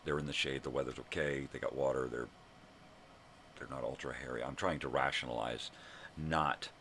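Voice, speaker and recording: An older man hosting his own daily vlog, ranting angrily and swearing, with bursts of shouting. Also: rumbling low, slight background noise. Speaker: vlog host. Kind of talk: angry profane rant.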